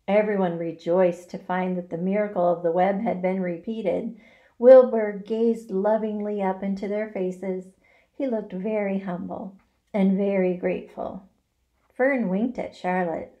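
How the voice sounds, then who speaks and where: A woman teacher reading a children's novel aloud, expressive and dramatic. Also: mid-range voice, a little slow, dull audio. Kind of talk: storybook read-aloud.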